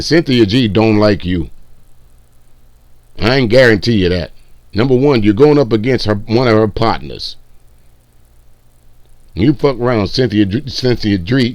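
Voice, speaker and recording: A man's voice: fairly low pitch, lively intonation, moderate pace, no echo. A man hosting a stream, giving reaction commentary in a profane, mocking rant.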